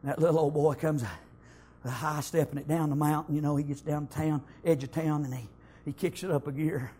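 A man preaching a sermon, telling the story in folksy speech, breaking into shouted bursts and scattering amens through his lines. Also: fairly high pitch, fairly even intonation, fairly quick, slightly rough.

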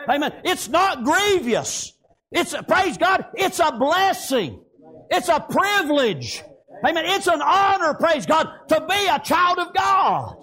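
High-voiced fervent male preacher. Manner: fervent, peppered with "amen" and "praise God", bursts into shouts. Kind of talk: sermon.

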